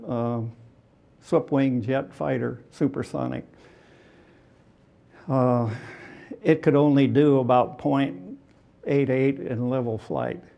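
An older man with a deeply gravelly, crackly voice at a middling pitch tells war stories on stage. He speaks haltingly, full of "uh"s, and chuckles between anecdotes. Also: darkish tone. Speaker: retired fighter pilot guest. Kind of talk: onstage interview storytelling.

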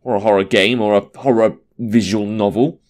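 A man's voice: on the low side, steady tone, moderate pace, darkish tone. A young man giving casual, sarcastic let's-play commentary, swearing and talking back to the game. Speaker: gaming commentator.

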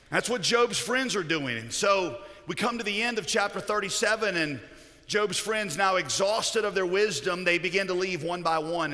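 A pastor preaching a sermon, telling stories and cracking jokes along the way. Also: male voice, fairly high pitch, sharp tone. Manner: storytelling with joking asides. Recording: echoey hall with long reverb.

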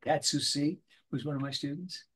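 A man's voice: a little high, moderate pace, slight background noise. An older man, a voice actor guest, chatting in an interview and acting out little voices as he tells stories. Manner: animated storyteller, acts out little voices in anecdotes. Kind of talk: casual interview.

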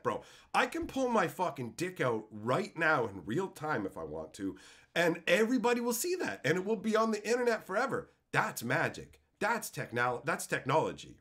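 Opening card packs during a live stream, this thirty-something host hurls crude, mock-angry banter at his chat. He speaks with a somewhat high, fairly bright tone.

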